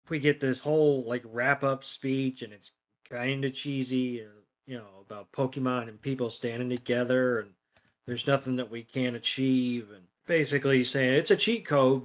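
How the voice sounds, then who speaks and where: A man's voice: medium pitch, a bit bright. A man co-hosting a podcast, casually recapping an episode with sardonic comments and free swearing. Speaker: podcast co-host.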